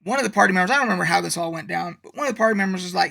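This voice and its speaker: A man's voice: high voice, rapid-fire, creaky, few pauses, sharp tone. A man hosting his channel, casually recapping his tabletop campaign as game master in a rambling, profane way. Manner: rambling, profane, lots of fillers.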